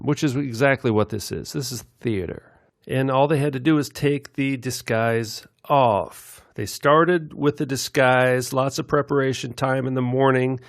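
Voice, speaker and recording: A man giving rambling commentary over video clips, meandering with many filler pauses. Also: medium pitch, creaky, dry recording, clean studio sound.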